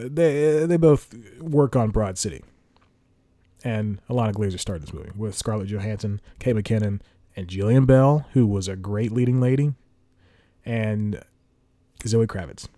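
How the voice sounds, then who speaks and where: A man's voice: fairly low pitch, measured pace, long pauses, warm tone, dry recording. A young man hosting a solo podcast, chatting casually and rambling, correcting himself and chuckling as he goes. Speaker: podcast host.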